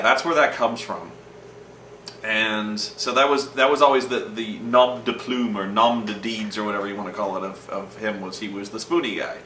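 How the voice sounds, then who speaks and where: A man hosting a show rambles through gaming stories in a profane, casual monologue, acting out the lines he quotes. His voice is on the low side, bright and forceful, and the distant mic gives roomy echo with a little hiss or hum.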